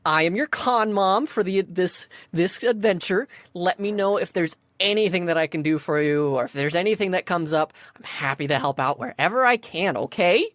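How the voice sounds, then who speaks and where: A bubbly, eager cat-faced sphinx lady chirps up high and bright, as a woman puts her on. She is all helpful cheer, sounding close and dry in a small space. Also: moderate pace, few pauses, no echo, close to an everyday voice. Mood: cheerful. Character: perky female sphinx convention helper.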